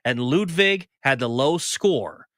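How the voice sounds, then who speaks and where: A man's voice: medium pitch, lively intonation, slow, a bit bright, dry recording, clean studio sound. A male radio co-host in easygoing, casual banter, explaining a small win.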